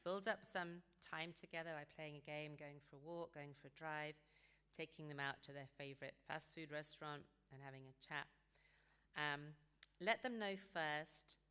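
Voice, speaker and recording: A woman giving a seminar talk on parenting teenagers, calm and practical, sometimes acting out what parents and teens might say. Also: deep voice, moderate pace, smooth. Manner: calm, practical advice, acts out quoted dialogue.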